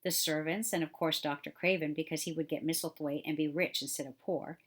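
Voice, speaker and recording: A woman's voice: deep voice, steady tone, fairly quick. Woman reading as a cross bedridden boy, restless, self-pitying, slightly raised voice, storybook. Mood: fretful. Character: sickly, fretful young rich boy, bedridden.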